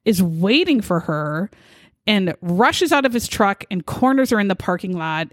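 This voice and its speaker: A woman's voice: mid-range voice, lively intonation, measured pace, dry recording, studio quality. A woman hosting a podcast, telling a true crime story in casual chat, blunt and sarcastic, swearing freely. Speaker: podcast host.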